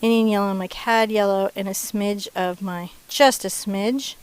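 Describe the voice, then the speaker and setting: Woman, painting teacher, playful chatty delivery, soft asides, mid-pitched voice. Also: steady tone, normal speed, smooth, poor audio. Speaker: painting instructor. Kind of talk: casual step-by-step painting lesson.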